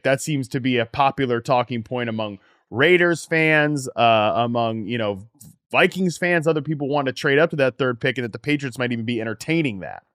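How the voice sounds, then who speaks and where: A man co-hosting a sports podcast, his voice sitting at an ordinary middle pitch. He talks casually and with energy, steering the conversation along. The sound is dry and close, with no room echo. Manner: energetic, runs the segments and pitches the questions. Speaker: fantasy football podcast co-host. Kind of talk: casual sports analysis chat.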